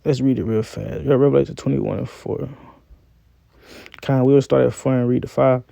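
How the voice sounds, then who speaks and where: A man giving an informal scripture teaching in street slang, ending nearly every phrase with "man" and reading verses slowly. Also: mid-range voice, steady tone, vocal fry, warm tone, dry recording. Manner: reads verses slowly and deliberately.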